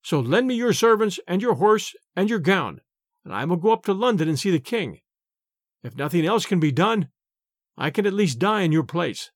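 A man's voice: sits high, sing-song, moderate pace, dry recording, clean studio sound. A man voicing a plainspoken, cheerful shepherd who speaks with confidence. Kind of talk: storybook character voice.

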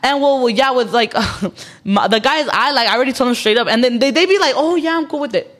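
A woman's voice: on the high side, fairly bright tone. A young woman chatting casually as a podcast guest, slangy and blunt, switching between English and Spanish and filling her talk with "like" and "bro.". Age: young adult. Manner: fast, slangy, mixes Spanish into English, says "like" and "bro" constantly. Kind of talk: casual chat.

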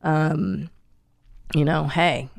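A woman in her forties hosting a podcast, chatting casually in a blunt, profane, animated way. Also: deep voice, extremely slow, creaky. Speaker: podcast host. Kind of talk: casual chat.

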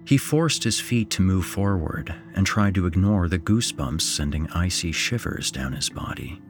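A man narrating a horror story in a slow, suspenseful way. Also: low voice, lively intonation, faint music behind.

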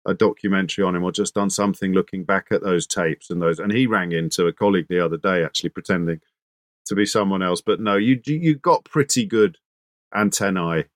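A man's voice: low-pitched, fairly quick, no echo. Man telling a story, dry sound. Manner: animated anecdotal, restarts often. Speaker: radio presenter, guest. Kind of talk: casual interview storytelling.

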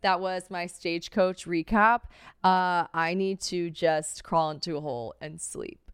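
A woman's voice: fairly low pitch, a little slow, clean tone, dry recording, clean studio sound. A young woman hosting a podcast solo, chatty and profane, telling stories with lots of fillers and sounding worn out. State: tired. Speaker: podcast host.

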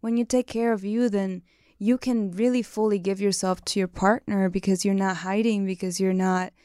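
Woman guest, intimacy coach, earnest and animated, conversational. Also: mid-range voice, normal speed, clear, resonant tone, dry recording, studio quality. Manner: earnest, expressive, animated storytelling. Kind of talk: casual interview chat.

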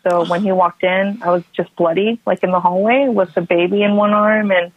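A woman's voice: medium pitch, a little fast, dry recording. A woman in her thirties, a podcast guest, telling a birth story in casual chat and acting out her family's voices. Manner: animated, acts out family members' voices. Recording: tinny phone-line sound, dry.

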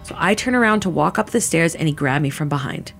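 A woman in her thirties with a low voice gives a candid personal account. Her talk is casual and halting, full of "like" fillers and restarts. Faint music plays under her. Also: animated, vocal fry, fairly bright tone. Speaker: interviewee recounting her experience.

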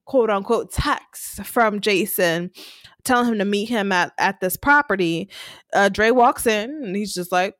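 A woman co-hosting a podcast, recapping a TV episode in casual chat and acting out the characters' lines in quick voices. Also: mid-range voice, a bit bright, no echo, studio quality.

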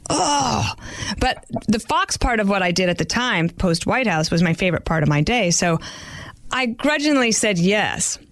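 A woman's voice: medium pitch, lively intonation, moderate pace, fairly bright tone, dry recording. Middle aged lady podcast host, chatty storyteller, dry close sound. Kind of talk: casual podcast interview.

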